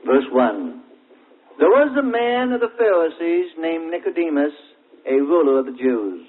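A man preaching a sermon, telling folksy everyday examples and asking drawn-out, emphatic questions. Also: on the high side, sing-song. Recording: tinny, narrow-band old recording.

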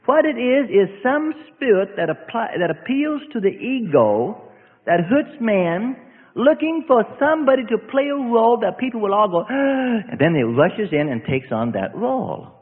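A man's voice: very high-pitched, very animated, moderate pace. A male preacher giving an emphatic sermon in a church assembly hall, often breaking in with "see?". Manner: emphatic, repetitive, keeps asking "see?". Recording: echoey hall, tinny phone-like sound.

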